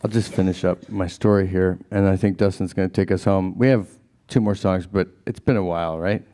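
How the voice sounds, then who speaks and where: A man with a low, warm, mellow voice speaks to a live audience. He is earnest and plain, laying out his account in an unhurried way. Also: fairly even intonation, slight background noise. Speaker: documentary filmmaker. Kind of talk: storytelling at a live gathering.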